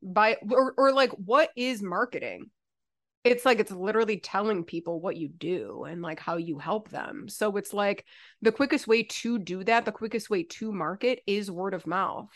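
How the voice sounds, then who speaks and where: A woman's voice: mid-range voice, normal speed. A woman hosting a casual podcast, talking bluntly and animatedly with frequent swearing. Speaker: podcast host.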